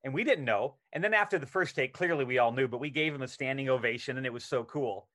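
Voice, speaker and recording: A man's voice: medium pitch, fast talker. A middle-aged male actor, a podcast guest, telling a story in casual conversation and acting out the lines he quotes. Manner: animated anecdote telling, acts out quoted lines.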